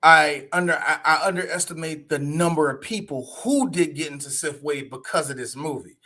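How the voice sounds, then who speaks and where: A man's voice: on the high side, normal speed, pushed and bright. A man co-hosting a podcast in casual, profane banter, with a lot of laughter. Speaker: podcast co-host. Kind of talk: casual chat.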